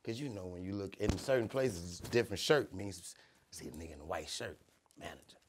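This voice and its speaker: A young man telling comedic stories on a podcast, animated and slipping into character voices. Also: low voice, brisk, background noise. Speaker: podcast host. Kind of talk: comedic storytelling.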